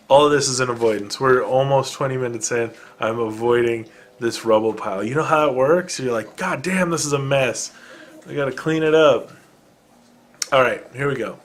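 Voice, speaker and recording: A man talks through his podcast alone at home, wandering from point to point with wry, self-deprecating asides. He stops and restarts often and fills the gaps with ums and uhs. His voice sits at an ordinary middle pitch. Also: fairly bright tone. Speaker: podcast host. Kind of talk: casual solo podcast rambling. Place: home room with dogs present.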